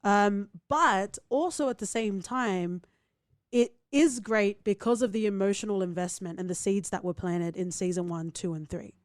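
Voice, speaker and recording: A woman co-hosting a podcast in casual chat, joking in a playful, crude and animated way. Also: medium pitch, moderate pace, dry recording, studio quality. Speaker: podcast co-host.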